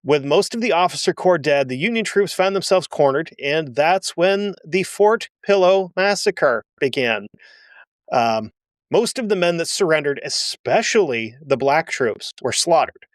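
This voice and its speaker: A man's voice: on the high side, lively intonation, measured pace, no room sound, clean studio sound. A man hosting a history show, telling the story casually with blunt, sarcastic asides. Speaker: history podcast host.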